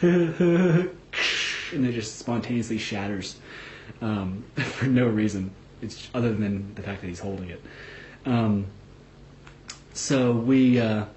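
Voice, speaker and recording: Blunt low-voiced man vlogging in an echoey room. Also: a little mellow. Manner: blunt, swears freely, many fillers and restarts. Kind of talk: casual talking-head vlog. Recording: echoey room with faint background noise.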